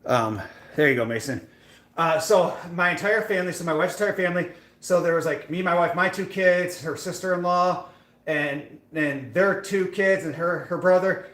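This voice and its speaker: A young fitness streamer chats casually on a live stream, rambling through a self-deprecating story full of fillers. His voice is high-pitched and a bit bright, at a moderate pace, recorded in an echoey room.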